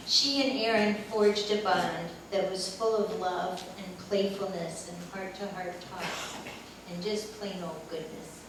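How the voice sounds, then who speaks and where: An older woman giving a memorial tribute speech, telling fond stories of her friend with humor. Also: medium pitch. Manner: warm storytelling with laughter. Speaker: eulogy speaker. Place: large echoey hall. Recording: echoey hall from far off, noisy.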